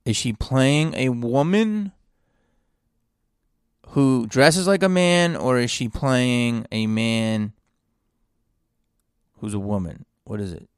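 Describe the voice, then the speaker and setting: In clean studio sound with no echo, a podcast host speaks slowly and smoothly in a mid-range voice, pausing often. Alone in a hotel room, he tells a meandering story laced with swearing and heavy sighs, frequently digressing.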